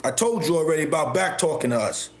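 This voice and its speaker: A high-pitched man hosts a live stream and rants at his chat. He is loud and confrontational and repeats himself again and again. His voice rings in an echoey room. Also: lively intonation, quick pace. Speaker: livestream host.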